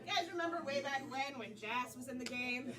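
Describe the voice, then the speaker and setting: A woman's voice: high-pitched, fairly quick, a loud crowd. A woman hosting a live improv comedy show, calling out to the audience for suggestions. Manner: lively, calls out to the audience. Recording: from far off, loud audience.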